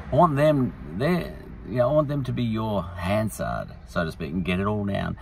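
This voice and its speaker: Low-voiced man musing with lively pitch. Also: normal speed, distant mic, a little hiss or hum, rough recording. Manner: rambling, musing, irreverent. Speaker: podcast host. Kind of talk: casual monologue.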